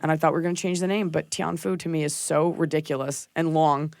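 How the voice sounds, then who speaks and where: A blunt woman comedian hosts a casual podcast chat, with a gravelly fry running through her speech. She swears freely and acts out the people in her stories. Her voice sounds close and dry. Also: low voice, little pitch movement, fast, darkish tone, no room sound. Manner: blunt, profane, storytelling with acted-out quotes. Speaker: podcast host and stand-up comedian.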